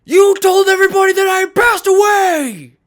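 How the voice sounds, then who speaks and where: A man putting on a voice for a furious balding man of about forty who yells in outrage. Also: sing-song, takes it slowly. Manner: shrill, yelling in outrage.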